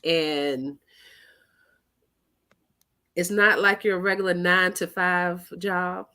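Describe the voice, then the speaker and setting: A woman's voice: lowish voice, steady tone, takes it slowly, pushed and bright. A middle-aged woman, an educator, speaking as a talk show guest in an earnest, hesitant way with many ums. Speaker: educator and tutoring business owner, guest.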